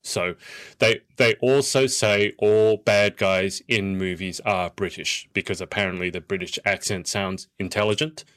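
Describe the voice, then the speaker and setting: A man's voice: fairly low pitch, steady tone, a little slow, fairly bright tone. A man hosting a podcast, chatting animatedly and enunciating his words carefully. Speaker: podcast host. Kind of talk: casual chat.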